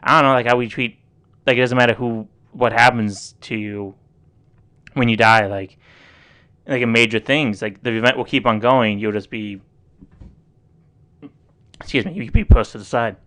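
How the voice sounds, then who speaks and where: A man in easygoing podcast chat, his voice bright and clear with a smooth, ringing edge. He rambles as he talks, strings thoughts together with loose fillers, and circles back on himself. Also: mid-range voice, normal speed, long pauses. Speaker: podcast co-host. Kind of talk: casual chat.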